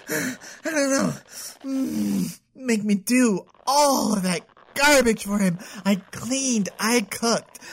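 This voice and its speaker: A petulant, self-absorbed young woman in an audio drama, played by a woman, pouring out her grievances to her therapist. Her voice sits high and airy, and she drags out her complaints slowly. She sighs constantly and pads every thought with "like". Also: vocal fry, fairly bright tone, husky, heavily acted. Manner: whiny, full of sighs and "like" fillers. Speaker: patient venting to a therapist.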